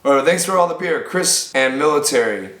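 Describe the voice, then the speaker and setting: A man opening fan mail in a casual vlog, chatty and prone to loud excited outbursts. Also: on the high side, normal speed. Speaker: bar owner and vlogger. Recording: echoey room, faint background noise.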